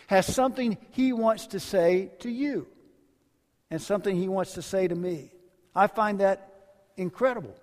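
A male pastor delivering a sermon, telling stories and dropping to quiet phrase endings. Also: sits high. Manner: storytelling preacher, varies volume widely, drops to quiet endings. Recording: long hall reverb.

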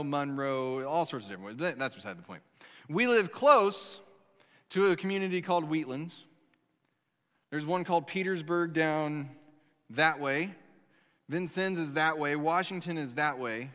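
A man delivers a sermon in a relaxed storytelling way, circling back and restarting his sentences. His voice sits high and sounds bright and forward. Long reverb from the sanctuary trails every phrase. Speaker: pastor.

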